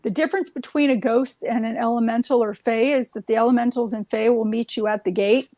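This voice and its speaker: A guest with a fairly high, mellow voice tells stories casually, loose and rambling, looping back with "um" and restarting sentences. She talks briskly with fairly even intonation, and the sound is dry and close with no room echo.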